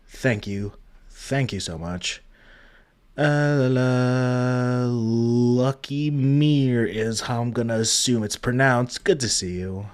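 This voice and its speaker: Man greeting chat on a livestream. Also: medium pitch. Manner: greets chat viewers by name, soft and warm-hearted; trails off with many ums and uhs. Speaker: livestream host. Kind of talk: casual memorial livestream chat.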